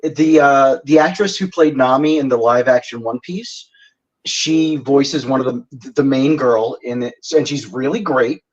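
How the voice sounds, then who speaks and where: A man's voice: mid-range voice, measured pace. Man with a dull lo-fi sound, easygoing co-host. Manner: easygoing, wry storytelling. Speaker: podcast co-host. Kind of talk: casual chat.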